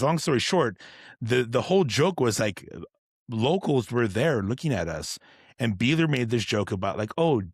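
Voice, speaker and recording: A man with a mid-range voice guests on a podcast as a tattoo artist, rambling through long profane stories full of fillers and restarts in casual chat. The recording is dry and studio quality.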